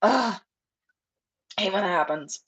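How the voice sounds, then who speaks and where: A woman's voice: mid-range voice, animated, a little slow, fairly bright tone, slightly rough. Chatty woman rambling on a livestream. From United States. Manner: rambling, chatty, lots of fillers and asides. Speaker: livestream host, rabbit breeder. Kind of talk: casual livestream chat. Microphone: headset.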